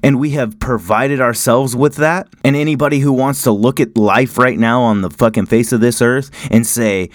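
A man in the middle of a fired-up podcast rant, cursing in nearly every sentence. His voice sits at an ordinary pitch and sounds close and dry, with no room around it. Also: moderate pace, hardly any pauses, no room sound. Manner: heated, swearing constantly. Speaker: podcast host. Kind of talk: profane ranting monologue.

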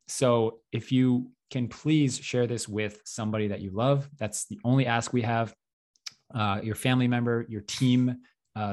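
Rambling man on a podcast. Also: mid-range voice. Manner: rambling, self-deprecating, laughs often, many fillers. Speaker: podcast co-host. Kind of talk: casual podcast chat.

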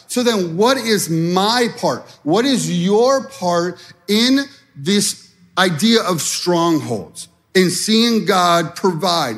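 A middle-aged man preaching a sermon in a conversational way, voicing worried prayers as he goes. His voice sits high, and he takes his time over the words. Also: a bit bright. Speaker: pastor.

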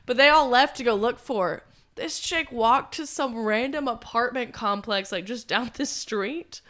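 Woman, twenties, podcast co-host, animated swearing storyteller, bright tone. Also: on the high side, unhurried. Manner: rambling, profane, animated storyteller. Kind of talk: casual storytelling chat.

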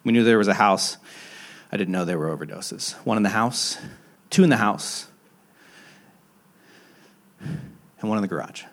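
Unhurried and pausing often, a young pastor preaches through candid stories that poke fun at himself. He frequently starts sentences over, moving between emphatic rises and low, quiet asides.

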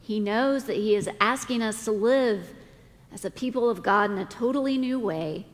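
A middle-aged woman pastor preaching a sermon, speaking deliberately with dramatic pauses. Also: a little high. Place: church sanctuary. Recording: long reverb of a church hall.

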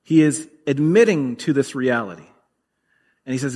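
A man's voice: medium pitch, moderate pace, pauses often, a little mellow. A man preaching a sermon in a conversational, earnest way, with dramatic readings of scripture. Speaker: pastor. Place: church hall. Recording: reverberant hall.

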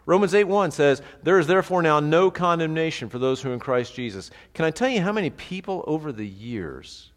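Guy pastor preaching, casual and lively, lots of "right?" questions, long echo like a big church hall. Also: on the high side, brisk, few pauses. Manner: animated, conversational preaching with rhetorical questions. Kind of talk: sermon.

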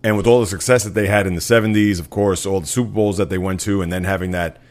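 A man with a low, steady voice hosts a sports podcast, talking fast and at length in a casual way. He rambles, his speech packed with fillers, especially frequent "uh"s.

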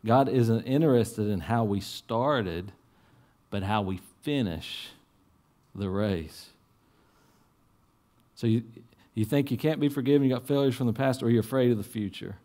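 A man preaching a sermon in a church, earnest, dropping to soft low asides and rising to urgent appeals. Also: measured pace, pauses often. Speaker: pastor.

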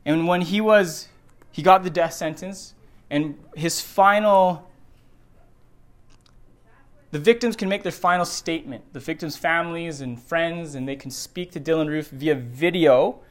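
A man's voice: on the high side, a little slow. A middle-aged man preaching a sermon in a church, earnest and repeating phrases for emphasis. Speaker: pastor. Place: church sanctuary.

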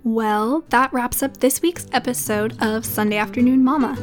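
Upbeat mom podcast host, slightly high voice. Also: female voice, normal speed, music in the background. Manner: warm, encouraging, chatty with laughs. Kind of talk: casual solo podcast talk.

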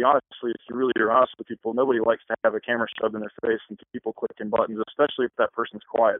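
Man, wedding photographer, rapid rambling talk, tinny phone line. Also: mid-range voice, dry recording. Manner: fast, rambling with many restarts. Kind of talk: interview answers.

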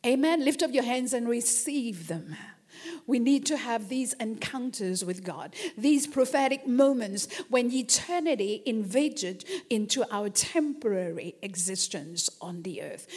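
A woman preaching a sermon, slow and emphatic, repeating phrases and calling out amens to the congregation. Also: a little high, a little mellow, husky.

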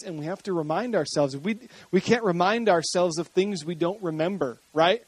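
A man's voice: high-pitched, fairly quick, dry recording. A man preaching a sermon as pastor to a congregation, building energy and joking with the crowd.

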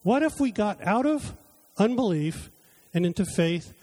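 A man's voice: sits high, animated, a little slow, warm tone. A man preaching a sermon in a conversational way, telling personal stories and acting out his talks with God, then leading a closing prayer. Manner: conversational, acts out his own exchanges with God.

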